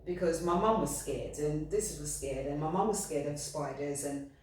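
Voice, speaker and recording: Picked up by a distant microphone in an echoey room with a little hiss or hum, a woman with a deep voice talks at normal speed about spirituality. A spiritual medium, she is heartfelt and earnest but rambling, repetitive, and prone to restarts.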